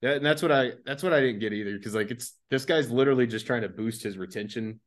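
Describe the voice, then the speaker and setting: A man's voice: mid-range voice, quick pace. A man, an army veteran, chatting casually on a podcast in an easygoing, rambling way.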